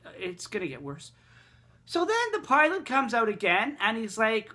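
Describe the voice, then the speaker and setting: A man's voice: sits high, wildly swooping pitch, normal speed, bright, forceful tone. Profane rambling man. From Quebec, Canada. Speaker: vlogger. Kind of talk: casual storytelling rant.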